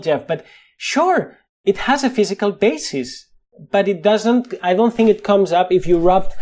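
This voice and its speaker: A middle-aged man with a Spanish accent, speaking as a guest in a thoughtful interview, animated, often restarting his sentences and laughing at himself. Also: high-pitched. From Spain. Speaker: guest, neuroscientist.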